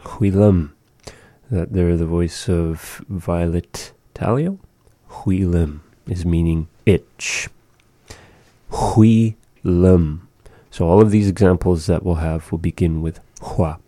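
A man hosting a radio language lesson, pronouncing phrases slowly and carefully. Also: deep voice, dark tone, no echo. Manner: slow, careful pronunciation of phrases. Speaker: radio host teaching a language.

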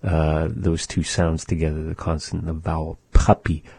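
A man's voice: a bass voice, monotone, fairly quick, gravelly, dark tone, breathy edge. A man giving a patient radio language lesson and demonstrating sounds one by one. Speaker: language teacher.

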